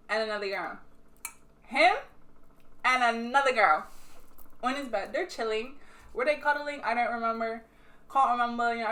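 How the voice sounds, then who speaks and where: Blunt young Bermudian woman vlogger. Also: fairly high pitch. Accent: Bermudian, sometimes switching to British. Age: young adult. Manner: blunt, animated storytelling with frequent swearing. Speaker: vlogger answering viewer questions. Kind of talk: casual chat while sipping wine.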